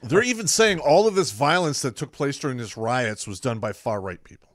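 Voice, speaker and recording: A middle-aged man chatting bluntly on a livestream, stumbling and repeating words as he makes his points. His voice is at an ordinary pitch, and the recording is dry and close. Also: animated, brisk, no echo. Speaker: podcast co-host. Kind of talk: casual livestream chat.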